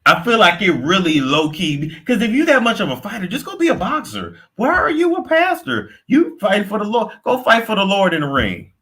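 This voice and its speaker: A young man giving casual, profane gossip commentary, animated and quick to react, sometimes slipping into put-on accents. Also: high voice. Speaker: commentary host.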